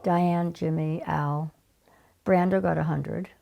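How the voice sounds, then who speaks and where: A woman in her seventies, a casting director telling lively stories in an interview, with breathy whispered asides. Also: sits low, slow, muffled recording. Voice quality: gravelly. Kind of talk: anecdotal interview storytelling.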